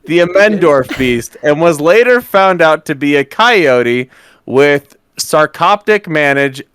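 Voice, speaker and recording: A man's voice: a little high, expressive, slow pace, fairly bright tone, clean tone, dry recording. A man co-hosting a podcast, reading aloud and tripping over hard words, then laughing and swearing at himself. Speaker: podcast co-host. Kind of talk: casual podcast chat and reading.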